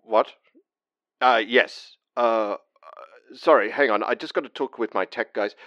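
A man doing a flustered ad pitchman. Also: measured pace, fairly bright tone, no room sound, muffled recording. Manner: stammering, exasperated. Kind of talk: improv comedy sketch.

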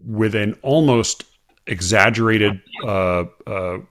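An American man hosting a casual chat, talking haltingly with many fillers and restarts. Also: on the low side, a bit bright. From United States.

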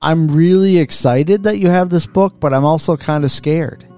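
A man's voice: on the high side, normal speed, mellow, soft background music. A man co-hosting a podcast in casual chat, joking and laughing easily. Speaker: podcast co-host.

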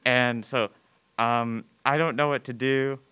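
A man's voice: mid-range voice, steady tone, slow, bright, forceful tone, clear, resonant tone. A teenage boy telling a personal story live, hesitant and self-mocking, full of "like" and "you know". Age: teens. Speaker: student storyteller.

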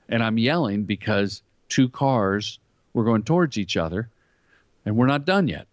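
Man, middle-aged, low voice, dry close sound, animated storyteller, interview guest. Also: unhurried, long pauses, no echo. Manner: animated anecdotes, acts out quoted lines. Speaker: guest, commercial director and comedian.

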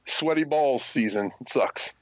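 A man's voice: mid-range voice, animated, a little slow, a bit bright, no echo, rough recording. A man from Indiana, a guest on a podcast, trading profane, sardonic jokes in casual commentary banter. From Indiana, USA.

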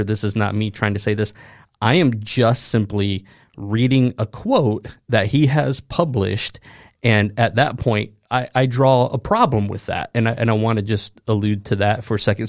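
A man with a lowish, gravelly voice talks through a Bible verse in relaxed podcast chat. He tells stories with energy and laughs at his own jokes. The sound is close and dry, with no room around it. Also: dry recording. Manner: animated storytelling, laughs at himself. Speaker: pastor who preached the sermon series. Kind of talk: casual podcast chat about scripture.

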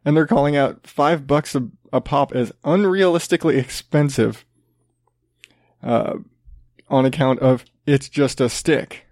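A man's voice: medium pitch, measured pace, a little mellow, no echo, studio quality. A man hosting a podcast, ranting sarcastically with plenty of swearing and rambling restarts. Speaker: podcast host. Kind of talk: casual ranting commentary.

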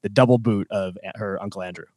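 A man's voice: fairly low pitch, fast talker, a little mellow, no room sound. A man co-hosting a podcast, talking casually with many fillers and restarts while running a trivia game. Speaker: co-host running a trivia segment.

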